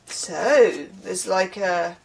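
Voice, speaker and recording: A woman reads tarot cards in a loose, chatty way, wandering off topic now and then. She sounds tired from a short night, and her pitch sits in an ordinary middle range. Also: drawn-out words, vocal fry, slight background noise. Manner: chatty, digressive, swears casually. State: tired from little sleep. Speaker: tarot reader. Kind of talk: casual tarot reading.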